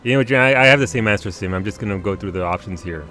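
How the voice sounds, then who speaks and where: A man's voice: lowish voice, rapid-fire, soft background music. A man streaming a game live, chatting casually with his viewers, laughing often and restarting his sentences. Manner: animated, laughing, stammering restarts. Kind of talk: casual live gameplay commentary.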